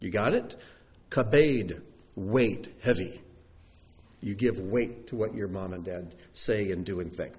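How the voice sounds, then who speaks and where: A man preaching a sermon to his congregation, animated and talking straight to them with questions. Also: on the low side, slow pace. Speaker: pastor. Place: sanctuary before a congregation.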